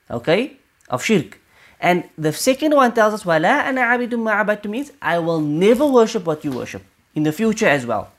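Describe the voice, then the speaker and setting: A male teacher giving an explanatory religious lesson. He often checks in with the listener and recites short Arabic verses quickly between his explanations. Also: on the high side. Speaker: teacher of Quranic interpretation.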